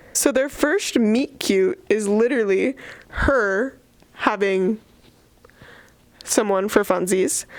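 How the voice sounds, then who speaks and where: Chatty young woman with vocal fry. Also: mid-range voice, no echo. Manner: chatty, sarcastic, full of fillers. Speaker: book reviewer. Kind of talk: casual book commentary.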